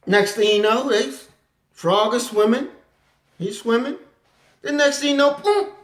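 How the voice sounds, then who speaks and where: A woman giving an impassioned lecture, forceful and animated, slipping into acted quotes. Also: a little high, a little slow. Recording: roomy echo.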